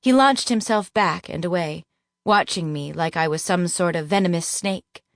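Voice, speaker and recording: A woman narrating a first-person audiobook in a measured, even reading. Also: on the low side, no echo, studio quality.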